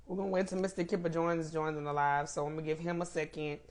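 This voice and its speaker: A woman's voice: sits low, level tone, fast talker, a little mellow. A woman hosting a casual live stream, greeting viewers by name and laughing often while she waits for her guest, speaking.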